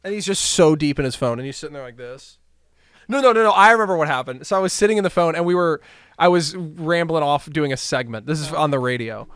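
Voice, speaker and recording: A man's voice: a little high, expressive, quick pace, a bit bright, smooth, dry recording, studio quality. A man co-hosting a casual chat show, telling rambling stories and laughing at them. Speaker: podcast co-host.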